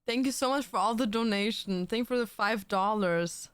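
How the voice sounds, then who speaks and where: A woman's voice: fairly high pitch, moderate pace, smooth, no room sound. A woman livestreamer chatting casually and playfully, laughing and thanking viewers for donations. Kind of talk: casual live-stream chat.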